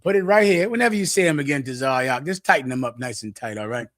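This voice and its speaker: A man preaching through scripture verse by verse, repeating his points forcefully and acting out an addict's pleading. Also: medium pitch, expressive, fast talker, dry recording, clean studio sound. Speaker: teacher leading a scripture breakdown.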